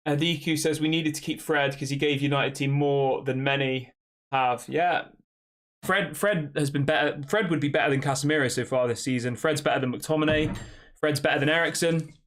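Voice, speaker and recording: A man's voice: on the high side, normal speed, fairly bright tone. Young guy live streaming, reading chat out, lots of um and yeah, just chatting casual. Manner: conversational, reads chat questions aloud, frequent fillers.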